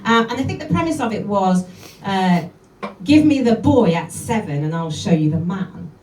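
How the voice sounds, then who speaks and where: A cheeky woman delivers rude comic verse to a live crowd, swooping from high to low notes. She sounds a little distant in an echoey venue with a faint hum of room noise underneath. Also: lively intonation, moderate pace, a little mellow. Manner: cheeky, bawdy rhyming delivery with chatty asides. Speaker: comic performance poet. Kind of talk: live comic spoken-word poetry.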